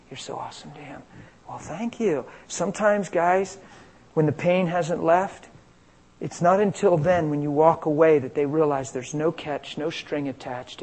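An American man from Pennsylvania preaching an informal sermon on healing, energetic and conversational, swinging between loud and quiet. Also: fairly high pitch, poor audio. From Pennsylvania, USA. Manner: conversational, energetic, big swings in loudness, plays out dialogue.

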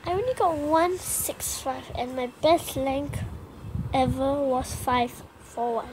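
High-voiced woman nervously narrating gameplay. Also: slow, noisy background. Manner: nervous, self-deprecating chatter with frequent exclamations. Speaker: gameplay vlogger. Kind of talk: casual game commentary.

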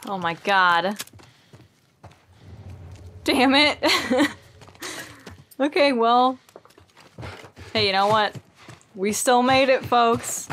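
A woman's voice: on the high side, extremely slow, long pauses, heavy background noise. A woman hosting a gaming channel, giving casual, chatty commentary while she plays. She sometimes drops to near whispers and yelps and laughs when startled.

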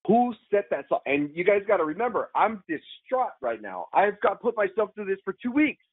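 An animated man tells a story on a podcast, tossing in "dude" and "bro" as he goes. His voice sits a little high for a man. It comes through a tinny, phone-like line with a dry sound. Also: moderate pace, slightly rough, no echo. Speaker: actor and podcast guest.

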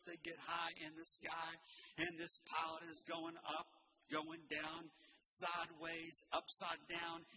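A man in his sixties preaching a sermon, with folksy, animated storytelling that moves between loud and hushed passages. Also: fairly high pitch, background noise. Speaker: pastor. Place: church sanctuary.

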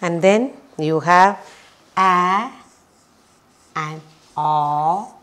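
A woman teaching a children's phonics lesson, sounding out letters slowly and repeating each one. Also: fairly low pitch, a bit bright.

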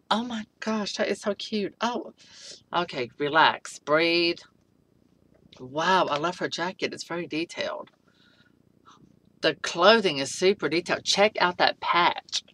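Gushing low-voiced woman doll reviewer. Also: fairly bright tone. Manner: gushing, breathless exclamations. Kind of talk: excited unboxing review.

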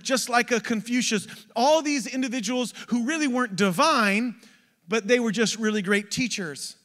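A man preaching an energetic sermon, exhorting the congregation with rhetorical questions. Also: very high voice. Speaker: pastor. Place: church sanctuary. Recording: long church hall reverb.

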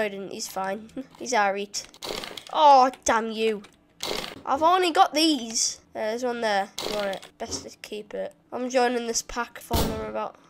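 A woman giving excitable gameplay commentary, swearing often and shouting insults at enemies. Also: a little high, slight background noise. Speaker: gamer.

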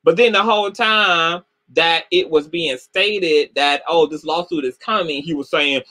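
Middle-aged man, livestream commentary host, sassy and profane, animated delivery, a little high-pitched. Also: unhurried, few pauses. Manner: animated, sassy, swears heavily, addresses chat by name.

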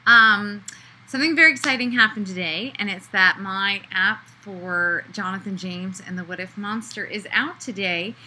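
A woman author chatting excitedly from a hotel room, gushing with enthusiasm. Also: mid-range voice, moderate pace, poor audio. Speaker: children's book author. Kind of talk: casual excited video chat.

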